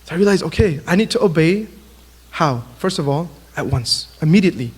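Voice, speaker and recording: Man, high-pitched, youth sermon, animated storyteller, big reverberant hall. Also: fairly quick, breathy edge. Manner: animated storytelling, acts out quotes. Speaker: youth speaker. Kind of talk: sermon to young people.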